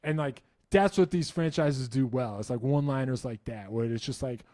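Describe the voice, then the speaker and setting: A man's voice: mid-range voice, normal speed, warm tone, no room sound, studio quality. A man hosting a casual live stream, answering viewer questions in a rambling, self-interrupting way with wry enthusiasm.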